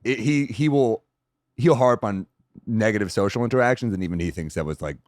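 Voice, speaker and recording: A comedian guest in casual chat, telling quick anecdotes and laughing often. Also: male voice, fairly low pitch, a little mellow, no echo, clean studio sound.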